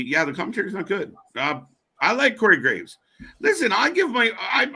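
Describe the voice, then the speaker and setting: A man co-hosts a casual live wrestling commentary stream, blunt and opinionated and swearing now and then. His voice is high, pushed and bright.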